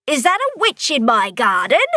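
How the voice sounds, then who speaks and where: A woman voicing a large shaggy mother monster in a storybook reading, speaking slowly and warily. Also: high voice, a bit bright, dry recording, studio quality, voice pushed up. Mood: startled.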